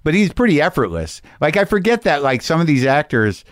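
A man hosting a podcast, chatting casually and rambling in self-deprecating, animated asides. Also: a little high, brisk, no room sound, clean studio sound. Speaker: podcast host. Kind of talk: casual podcast chat and monologue.

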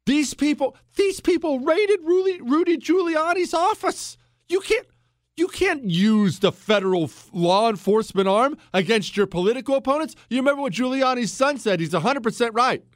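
A man's voice: very high-pitched, animated, moderate pace, no echo, clean studio sound. A man hosting a talk radio show, delivering a blunt, emphatic monologue full of rhetorical questions.

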